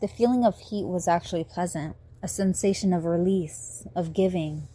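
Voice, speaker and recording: Woman narrator, amateur audiobook read on a phone, lowish mellow voice. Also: moderate pace.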